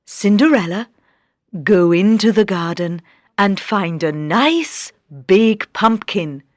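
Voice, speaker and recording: A woman voicing a gentle fairy godmother in a calm, reassuring way for a storybook. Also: medium pitch, slow, no echo, clean studio sound. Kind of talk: storybook read-aloud.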